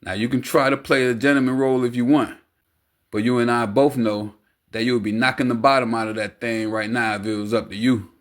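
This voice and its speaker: A man voicing a cocky, teasing, smooth-talking womanizer in an audiobook. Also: medium pitch, steady tone, a little fast, natural voice. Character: smooth-talking womanizing male friend, adult, brash.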